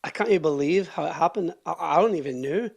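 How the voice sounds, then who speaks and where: High-voiced Scottish man joking around. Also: fast talker, vocal fry, no room sound. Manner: joking, playful banter. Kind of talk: casual chat.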